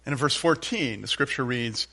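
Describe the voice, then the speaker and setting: A man preaching a sermon in a folksy, animated storytelling manner with playful asides. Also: mid-range voice, moderate pace, slightly rough. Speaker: pastor.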